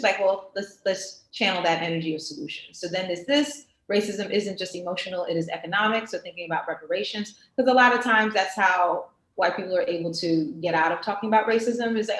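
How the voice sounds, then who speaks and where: A woman with a New York accent, talking as a guest on a video-call interview in an animated, emphatic way. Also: mid-range voice, fairly quick, few pauses. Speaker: guest artist. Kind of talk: casual interview chat. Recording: roomy echo on a video call.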